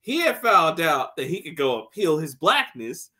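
Man, podcast host, lively swooping voice, bright tone, casual storytelling, swears a lot. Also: a little high, normal speed. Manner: animated storyteller, acts out scenes, laughs often, swears. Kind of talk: casual chat, recapping a TV episode.

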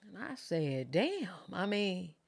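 A woman in her thirties talks straight to her viewers in a casual story-time style, candid and full of profanity. Her voice sits at an ordinary pitch for a woman, and the recording is dry with no room echo. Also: very animated, slow pace, creaky. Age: 30s. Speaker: reaction channel host.

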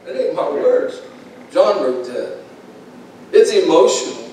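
A man's voice: on the high side, big pitch swings, unhurried, dark tone. A man preaching a sermon as pastor, folksy and plain-spoken, building into impassioned, repetitive calls. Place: church sanctuary. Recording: echoey room from far off, faint hiss.

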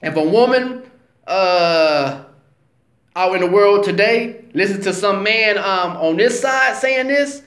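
A man talks through a scripture story in a slow, emphatic, conversational way. His pitch sits high and moves lively as he makes his points. The sound is roomy and echoey. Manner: slow, emphatic, conversational, says "you know what I'm saying". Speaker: vlogger. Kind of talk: casual religious talk. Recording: roomy echo.

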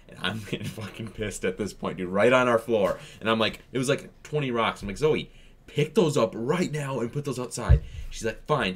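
A man's voice: deep voice, a bit bright, a little hiss or hum. A man co-hosting a reaction channel, telling an exasperated, swearing story about parenting. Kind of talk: casual storytelling chat.

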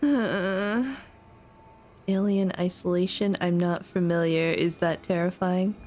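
A woman's voice: fairly low pitch, steady tone, slow, darkish tone. A woman streaming a horror game live, frightened, pleading and repeating herself with bursts of nervous laughter. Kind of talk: live gameplay commentary.

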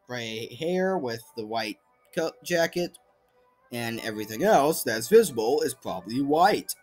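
A young man talks through a homemade voice-over in a bouncy, up-and-down voice that sits a little high. He rambles, restarts and pokes fun at himself. Faint music plays underneath. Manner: rambling, self-deprecating, many fillers and restarts. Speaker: video creator presenting fan movesets. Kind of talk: casual voice-over commentary. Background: faint background music.

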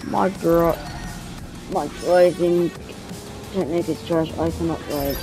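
A woman giving casual gameplay commentary, excitable and self-deprecating, often exclaiming. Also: on the low side, slow pace, long pauses, soft background music. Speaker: gamer.

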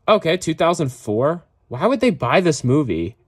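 A young man vlogging casually, excitable and swearing, breaking into off-key singing. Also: on the high side, normal speed, slightly rough. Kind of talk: casual reaction vlog.

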